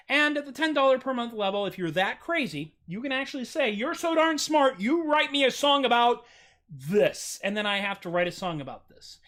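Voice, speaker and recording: An American man hosting a casual livestream from home, chatty and self-mocking, with goofy jumps up in pitch on his jokes. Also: fairly bright tone. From United States. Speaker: streaming musician host.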